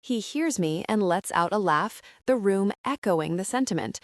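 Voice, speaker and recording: A woman's voice: mid-range voice, lively intonation, moderate pace, hardly any pauses, dry recording. Woman narrating an audiobook, dry and close. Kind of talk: first-person audiobook narration.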